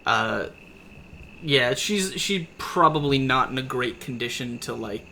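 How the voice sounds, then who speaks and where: Male game master, bright and gravelly, hesitant narration, faint room hiss. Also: medium pitch, animated, measured pace. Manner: hesitant, filler-heavy narration. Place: home setup with camera.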